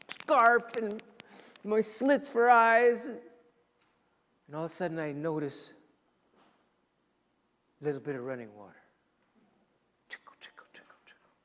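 Male pastor, sermon, high voice, storytelling with hushed dramatic drops, echoing hall. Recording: long reverb in a large hall.

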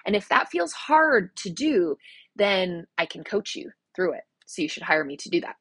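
Chatty woman in her forties, husky voice. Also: fairly low pitch, very animated, moderate pace, a bit bright, no echo. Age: 40s. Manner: chatty, repeats words, frequent fillers and laughs. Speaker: yoga teacher and life coach. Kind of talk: casual teaching talk.

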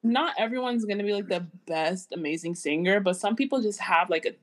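A woman's voice: mid-range voice, fairly quick. A young woman co-hosting a casual chat, slangy and profane, often chiming in with agreement. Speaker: co-host.

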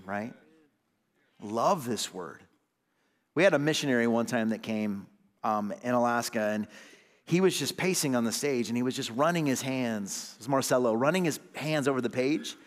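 A man, an associate pastor, preaching a sermon with call-and-response amens, swinging between loud emphatic lines and low hushed ones. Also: big-room sound.

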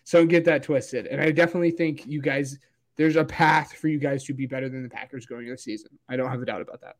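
A man's voice: medium pitch, fairly even intonation, fast talker. A young man co-hosting a football podcast, talking casually and hedging his opinions. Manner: hedging, conversational. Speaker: podcast co-host. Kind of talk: casual sports chat.

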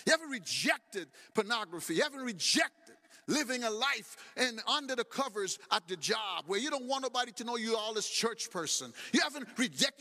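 Animated high-voiced male pastor preaching. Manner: animated preaching, repeating phrases, acting out dialogue. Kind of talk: sermon. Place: church sanctuary. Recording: long hall reverb.

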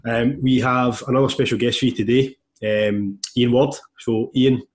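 A man's voice: mid-range voice, fairly even intonation, moderate pace, noisy background. A man hosting a podcast, opening with casual chat and introducing his guest with plenty of fillers and friendly slang. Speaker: podcast host.

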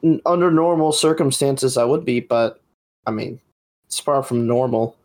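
A man's voice: medium pitch, moderate pace, a little mellow. Jaded man on a gaming podcast. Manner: jaded, dry quips. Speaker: podcast co-host. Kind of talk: casual gaming podcast chat.

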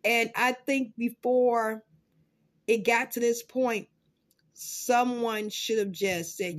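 A woman vlogging in casual commentary, profane and dramatic, swinging between loud outbursts and low muttering. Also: fairly even intonation, slow. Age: adult parent.

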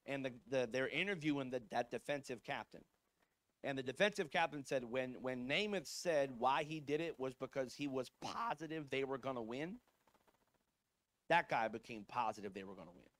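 A man's voice: medium pitch, a bit bright, dry recording. A man preaching a sermon as pastor, telling a story in a casual, conversational way with frequent asides. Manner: conversational storytelling, fillers like "like" and "right?".

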